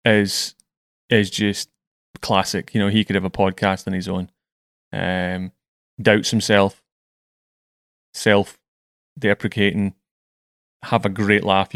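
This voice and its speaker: A man's voice: on the low side, flat delivery, slow pace, long pauses, smooth, no room sound, studio quality. A man hosting a podcast, telling stories in a chatty way and often stumbling over his words. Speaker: podcast host. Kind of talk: casual chat.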